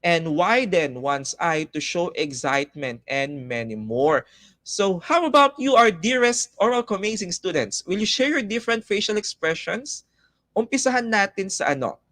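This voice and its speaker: Lively Filipino teacher, higher-pitched man. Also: no room sound. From Philippines. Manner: lively, coaxing, reads student comments aloud. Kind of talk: live online class, mixing Tagalog and English.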